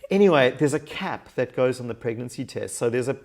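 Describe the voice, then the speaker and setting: A man with an Australian accent, a life coach telling his story in a casual interview, animated and laughing often as he acts out what people said. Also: mid-range voice, brisk. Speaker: guest, mindset and life coach.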